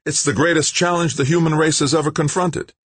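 An earnest male scientist pleads his case with urgent, emphatic energy and a lively, rising pitch, played by a male reader. The voice is husky and recorded close and dry. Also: normal speed, no echo. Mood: impassioned.

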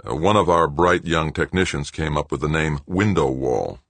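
A man voicing an ambitious male executive, a former astronaut, explaining in a calm, matter-of-fact way. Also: extremely low pitch, moderate pace, no room sound, heavily acted.

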